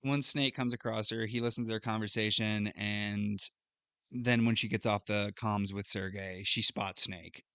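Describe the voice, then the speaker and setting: A man's voice: fairly low pitch, steady tone, normal speed, pushed and bright, clean tone, no room sound. Man recapping a game story, casually. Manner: loose storytelling recap, thinks aloud with fillers. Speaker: podcast co-host recapping a game. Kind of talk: casual chat.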